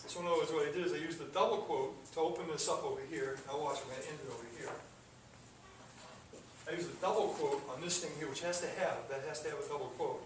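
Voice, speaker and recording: A man's voice: a little high, fast. A man teaching a classroom coding lesson, talking through the code step by step with casual asides. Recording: echoey classroom from far off with noise.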